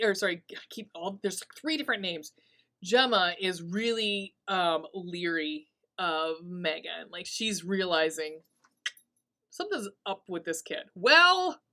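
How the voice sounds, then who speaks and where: A woman hosting a podcast, casually recapping a horror movie, swearing freely and laughing often as she tells the story. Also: medium pitch. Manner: profane, laughing, animated storytelling. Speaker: podcast host.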